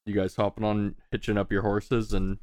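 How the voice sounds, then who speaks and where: A man's voice: fairly low pitch, flat delivery, normal speed, darkish tone, no room sound, clean studio sound. A man running a tabletop game as game master, narrating in a loose, laid-back way with casual swearing.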